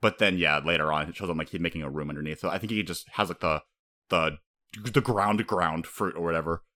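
A man co-hosting a casual chat, excitable and swearing freely, sometimes acting out characters. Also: low voice, quick pace. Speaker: podcast co-host.

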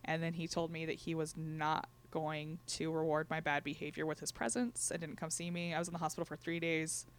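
A woman's voice: sits low, fairly even intonation, fairly quick, hardly any pauses, clear, resonant tone. A young woman speaking candidly as a guest, telling a personal story in a casual conversational way, laughing between lines and acting out what others said.

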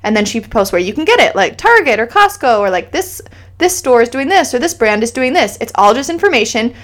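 A woman co-hosting a podcast, chatty and reflective, thinking out loud with lots of fillers. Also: fairly high pitch, big pitch swings, a little fast. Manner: chatty, reflective, talks through her thoughts with fillers. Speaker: podcast co-host. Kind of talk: casual chat.

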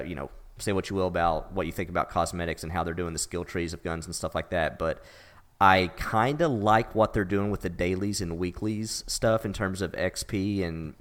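A man's voice: deep voice, fairly bright tone. A man co-hosting a gaming podcast, talking casually and rambling with enthusiasm. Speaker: podcast co-host. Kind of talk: casual chat.

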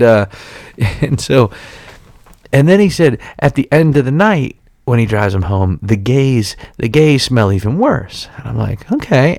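A man's voice: medium pitch, gravelly, darkish tone, dry recording, studio quality. A man hosting a podcast, telling casual rambling anecdotes with frequent restarts and laughter. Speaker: podcast host. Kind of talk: casual chat.

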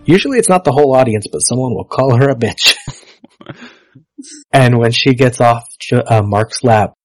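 A man's voice: mid-range voice, animated, moderate pace, no echo, faint music behind, rough recording. A man hosting a podcast in casual chat, wryly reading out his notes. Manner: wry, reads out screening notes. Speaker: podcast host.

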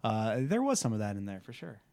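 A man's voice: fairly low pitch, sing-song, fast, a little mellow, no room sound. A man co-hosting a podcast in casual chat, laid-back and joking, laughing often and swearing freely. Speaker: podcast co-host.

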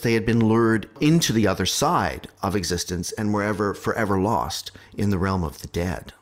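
A man hosting a podcast, chatting eagerly about history with a co-host. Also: mid-range voice. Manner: dramatic slow reading, then excited chatter. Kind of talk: casual podcast chat.

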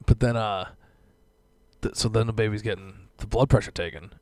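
A man's voice: lowish voice, fairly even intonation, moderate pace, a little mellow, no echo. A young man hosting a casual podcast from home, a stand-up comic who laughs often and jokes crudely.

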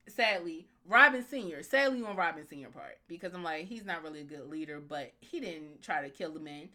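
A woman co-hosting a podcast in casual chat, animated, blunt and opinionated. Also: mid-range voice, moderate pace. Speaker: podcast co-host.

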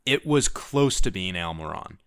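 Low-voiced guy hosting a podcast, laid back and rambly, dry close sound. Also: normal speed, clean tone, no room sound. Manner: relaxed, rambling, quizzing his co-host. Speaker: podcast host. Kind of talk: casual podcast chat.

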